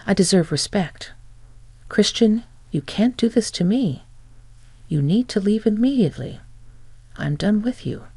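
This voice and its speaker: A woman's voice: fairly low pitch, vocal fry, mellow, breathy edge, no room sound, exaggerated voice. A woman reading as a demanding older mother-in-law. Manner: demanding, indignant.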